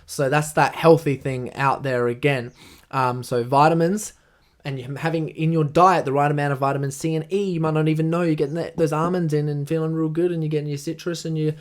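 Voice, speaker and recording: Excitable Australian guy podcasting, swearing freely. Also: fairly high pitch, fairly quick. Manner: enthusiastic, swears freely, rambling asides. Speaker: podcast host. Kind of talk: casual solo podcast talk.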